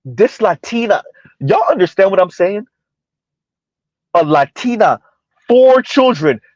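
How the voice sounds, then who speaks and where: Emphatic sarcastic man with high voice. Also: big pitch swings, no room sound, lo-fi sound. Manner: emphatic, sarcastic, drawn-out repetition with frequent "huh?". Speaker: commentary channel host. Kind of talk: reaction commentary. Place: South Florida.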